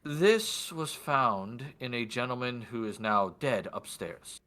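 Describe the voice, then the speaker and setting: A man voicing a composed nobleman in white who questions people in a formal, quiet, probing way. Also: mid-range voice, animated, slow pace. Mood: grave.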